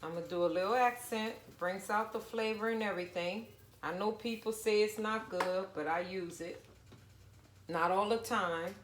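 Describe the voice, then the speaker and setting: A woman's voice: medium pitch, fairly bright tone, roomy sound. A woman casually talking viewers through a home cooking recipe, chatty and down-to-earth. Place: home kitchen.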